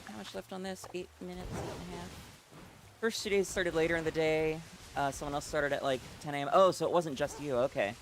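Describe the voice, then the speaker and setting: Male game streamer, casual live chat to viewers, slightly raised pitch, lots of ums and restarts. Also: fairly even intonation, brisk, noisy background. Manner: chatty, reads chat aloud, many fillers and restarts.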